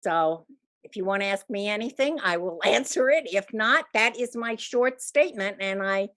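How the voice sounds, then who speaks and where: A woman's voice: mid-range voice, animated, normal speed, fairly bright tone. A woman giving a short public comment at a committee meeting, hesitant with many fillers yet firm in her objections. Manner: hesitant, apologetic, firm in position.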